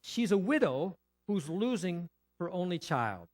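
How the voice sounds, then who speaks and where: Male pastor, conversational sermon delivery, very expressive intonation, leans on repetition and questions. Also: sits high, measured pace. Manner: animated, rhetorical questions and repetition; frequent restarts, conversational.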